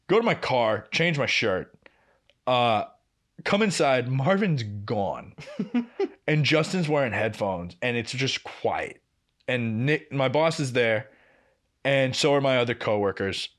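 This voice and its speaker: A man in his twenties co-hosting a podcast, telling a work story in a casual, profane, animated way. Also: medium pitch, slow. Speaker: podcast co-host.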